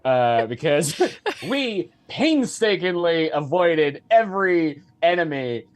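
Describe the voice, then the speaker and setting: A man speaking slowly, his pitch swinging widely as he vents. He chats casually with lots of uhs, curses freely and breaks into laughter. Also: sing-song. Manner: swearing, laughing, hesitant with many uhs. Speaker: player. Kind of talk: casual chat.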